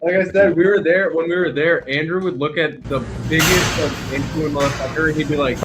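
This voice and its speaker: A man's voice: a little high, fairly even intonation, brisk, very noisy. Self-deprecating man joking on a livestream. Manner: self-deprecating, laughs at himself. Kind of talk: casual livestream banter.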